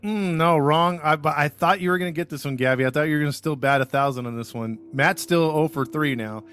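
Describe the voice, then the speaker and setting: A man's voice: a little high, brisk, a bit bright, clean tone, no room sound, faint music behind. A man hosting a podcast in casual chat, telling a story with jokes and laughs. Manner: jokey storyteller, laughs often. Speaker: podcast host.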